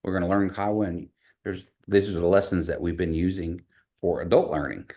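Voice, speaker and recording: A man teaching an online language class over a video call, patiently repeating words slowly for learners. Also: low-pitched, fairly even intonation, mellow.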